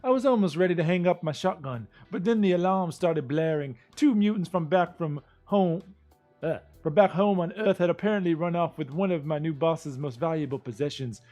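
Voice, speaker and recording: A man's voice: on the high side, normal speed, dark tone, faint music behind, pitched above the performer's own voice, close to an everyday voice. A man voicing a tough, sardonic woman monster hunter in a put-on Cockney British accent, reading game lore aloud in character. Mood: wry.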